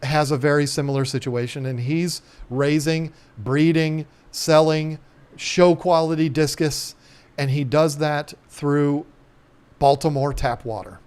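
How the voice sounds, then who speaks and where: A man with a drawl chats easily on a live stream, his voice sitting a bit high. He rambles along in a folksy way, dropping lots of ums and uhs as he talks. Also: steady tone, a little slow, darkish tone, smooth. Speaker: aquarium channel host. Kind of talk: casual live-stream chat.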